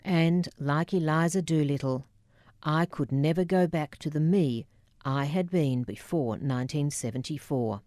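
A woman narrates her memoir in a measured, wry way. Her voice sits low and mellow. It is recorded dry and close, with no room sound. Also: dry recording.

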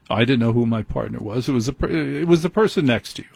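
Husky late-night radio host. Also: male voice, mid-range voice, brisk, dry recording. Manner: wry, self-deprecating, with deadpan repeats. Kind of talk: conversational storytelling monologue. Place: radio studio.

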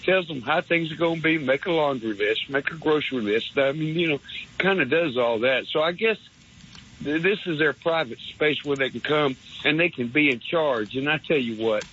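A man's voice: normal speed, a bit bright, slight background noise. A man calling in to a radio show, ranting sarcastically with lots of stammered repeats. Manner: sarcastic, repetitive stammering, pitch swings. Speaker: radio caller. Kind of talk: rambling call-in rant. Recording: muffled phone-line call.

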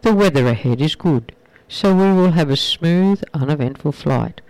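Calm male pilot on the intercom, low and smooth, read by a male joke-teller. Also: normal speed, no room sound, low-quality recording.

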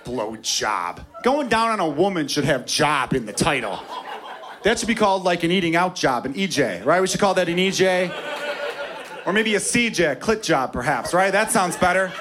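A man's voice: high-pitched, sing-song, normal speed, music in the background. A man doing a stand-up comedy set in a club, brash and profane, acting out bits. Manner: brash, profane, acts out voices. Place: comedy club stage with laughing audience. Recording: live club recording with crowd laughter.

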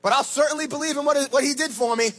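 A man preaching a sermon as pastor, swinging between loud shouted points and low, quiet asides. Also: fairly even intonation, fast talker, soft background music, rough recording.

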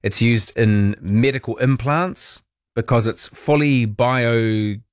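A man's voice: medium pitch, measured pace, no room sound. A male talkback host chats through the small hours, wry and full of questions for his listeners. The voice sits close to the mic in a dead, dry studio. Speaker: late-night talk radio host. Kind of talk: casual talkback chat. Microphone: studio microphone.

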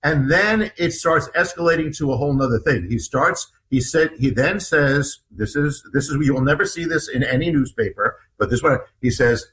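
In a low-quality recording with slight background noise, an interviewed male author relates an ordeal in vivid, animated detail. He plays out others' lines and keeps restarting and repeating words, speaking at normal speed in a slightly high, fairly bright voice with hardly any pauses.

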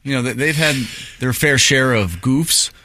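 A man's voice: mid-range voice, a little slow, bright, forceful tone, no room sound. A man on a podcast panel in easygoing, agreeable casual chat.

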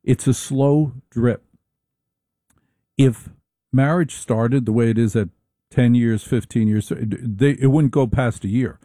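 A middle-aged man hosting a casual, humorous monologue, with a wry, deliberate, drawn-out delivery. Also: mid-range voice, mellow, no room sound.

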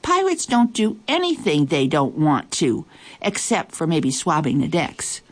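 A woman reading a children's story aloud in a lively, expressive way. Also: deep voice, measured pace. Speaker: storybook reader.

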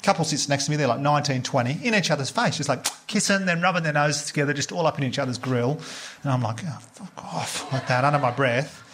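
A man with an Australian accent doing a crude stand-up comedy set with deadpan storytelling and crowd work before a live audience. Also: a little high, fast, slight background noise.

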